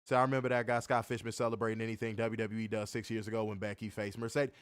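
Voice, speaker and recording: A young man co-hosting a wrestling review livestream, reading chat comments and trash-talking in a profane, animated way. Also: lowish voice, fast, smooth, no room sound, studio quality. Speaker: wrestling podcast co-host.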